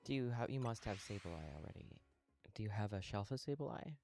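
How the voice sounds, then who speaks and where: A man's voice: fairly low pitch, fairly quick, soft background music. Sleepy, laid-back male game streamer. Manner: relaxed, talks to chat while playing, yawning. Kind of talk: casual live-stream chat while gaming.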